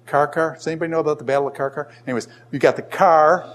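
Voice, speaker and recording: A man's voice: on the high side, steady tone, rapid-fire. An older man giving a classroom lecture in a conversational way, asking the class many questions as he teaches.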